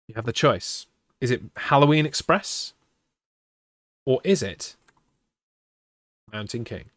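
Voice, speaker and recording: A man's voice: medium pitch, animated, slow pace, pauses often, fairly bright tone, no echo, clean studio sound. A man streaming a spooky choose-your-path story, teasing his chat playfully and mocking himself. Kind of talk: live-streamed interactive story reading with chat banter.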